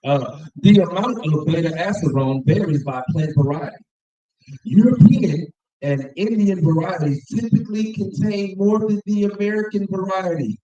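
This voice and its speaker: A man teaching a Bible class reads aloud and comments, calling on the class to repeat after him. His voice is high and warm, and the recording sounds roomy, distant and dull.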